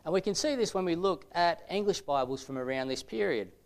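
A man with a slightly raised voice giving a lecture-style teaching talk. He explains things step by step at a measured pace, often filling pauses with "uh". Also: on the high side, expressive. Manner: measured explanatory delivery with frequent "uh" fillers.

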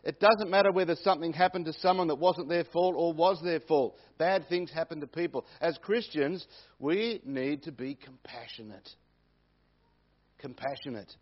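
A man's voice: fairly high pitch, normal speed. A man preaching a sermon, repeating key phrases for emphasis. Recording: dull lo-fi recording.

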